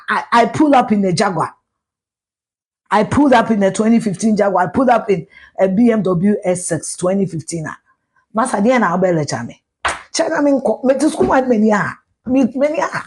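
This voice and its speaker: A middle-aged Ghanaian woman rants on a live stream, blunt and profane, sliding between Twi and English mid-sentence. Her voice has a husky edge, and her pitch sits in an ordinary middle range for a woman. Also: lively intonation, moderate pace, long pauses, a little mellow. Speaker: social media commentator.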